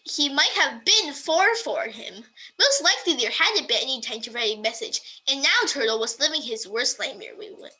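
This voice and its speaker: Woman, high bright voice, very animated, carefully dictating a book, amused asides. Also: low-quality recording. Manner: slow, deliberate dictation broken by amused asides. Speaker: vlogger. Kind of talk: dictating a book excerpt to voice typing.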